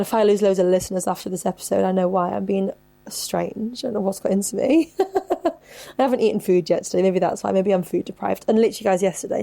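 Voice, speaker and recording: A woman's voice: mid-range voice, vocal fry, warm tone. A woman in her twenties who hosts a podcast, giving advice in a casual chatty way, swearing freely and saying "like" a lot. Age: 20s. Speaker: podcast host.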